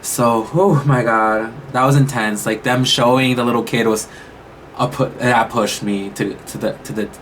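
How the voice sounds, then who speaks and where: Reacting to an episode of a show, this young YouTuber speaks at a normal pace in a mid-range, slightly bright voice with fairly even intonation. The recording is rough, with a little hiss or hum. He's casual and emotional, full of exclamations, thinking aloud through many restarts.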